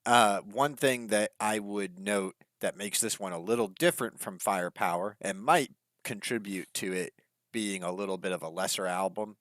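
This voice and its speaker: A man's voice: lowish voice, moderate pace, fairly bright tone, dry recording. A man co-hosting a podcast, talking through an album review in a rambling, hedging way with lots of fillers. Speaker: podcast co-host. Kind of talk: casual music review chat.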